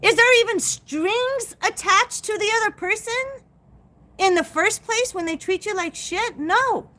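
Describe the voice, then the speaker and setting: Blunt, profane woman with a bright, high voice. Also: unhurried. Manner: blunt, profane, emphatic, addresses viewers directly. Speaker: psychic livestream host. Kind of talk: live stream rant to viewers.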